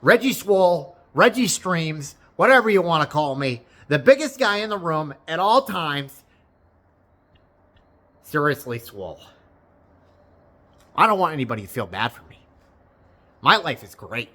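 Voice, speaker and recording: Young man, vlogger, fairly high voice, lively swinging pitch, blunt, joking, casual to camera. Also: measured pace, long pauses. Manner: animated, blunt and joking, with bursts of mock outrage. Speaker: vlogger and streamer.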